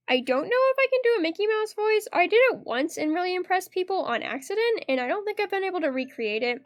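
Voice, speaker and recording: A woman's voice: extremely high pitch, sing-song, a little fast, soft background music. A young adult woman streaming a horror game, chatting casually and rambling with many fillers.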